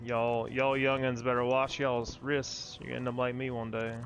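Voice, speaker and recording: A man voicing an old Southern man scolding young people, in a slow, exaggerated put-on drawl. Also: medium pitch, level tone, muffled recording, background noise, natural voice.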